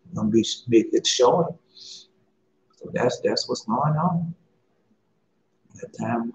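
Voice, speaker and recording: Heard through muffled echo and light noise, this street preacher speaks in a mid-range voice, taking his time and pausing often. His impassioned sermon is casual and pleading, full of repetition.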